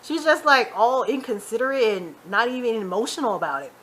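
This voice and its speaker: Chatty woman with a bright, higher voice. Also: slightly rough. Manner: chatty and animated, retelling scenes with quick asides. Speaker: YouTube TV recap host. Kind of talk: casual episode recap.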